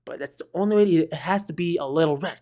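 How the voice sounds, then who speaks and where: Male podcast co-host, slightly high pitch, rambling chat with bursts of mock rant. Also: very fast, warm tone. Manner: rambling with fillers and restarts, bursts of mock outrage. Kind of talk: casual chat.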